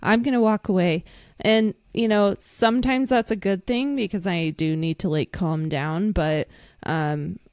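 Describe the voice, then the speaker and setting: Frank woman with a smooth, low voice. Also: unhurried, dry recording, studio quality. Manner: frank, relaxed, laughs easily. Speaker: podcast co-host. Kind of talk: casual recovery podcast talk.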